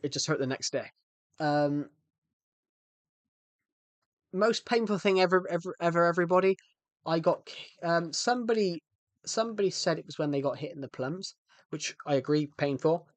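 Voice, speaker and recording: His voice sits a little high, with lively intonation, a normal pace, and frequent pauses as he talks through a casual live stream. He jokes, wanders off topic, and keeps interrupting himself to start sentences over, all in a recording without echo.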